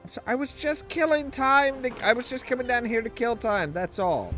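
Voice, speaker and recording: A man's voice: extremely high pitch, moderate pace, a bit bright, faint music behind. A man casually commenting while playing a game, rambling with frequent restarts. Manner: rambling, many restarts and swears. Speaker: game streamer. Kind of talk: casual let's-play commentary.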